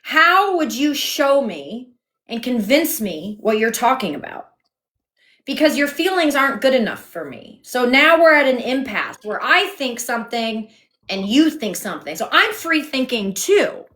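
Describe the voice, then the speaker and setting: A woman's voice: a little high, very animated, a little slow, fairly bright tone. Sarcastic woman hosting a live debate. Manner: firm, sarcastic, talks over the guest. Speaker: livestream host. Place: at home.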